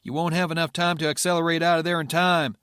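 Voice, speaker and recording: A man's voice: fairly high pitch, level tone, fast talker, a bit bright, clear, resonant tone, dry recording, studio quality, pitched above the performer's own voice, lightly acted. A man voicing an alarmed male commander calling over the radio, urgent and incredulous.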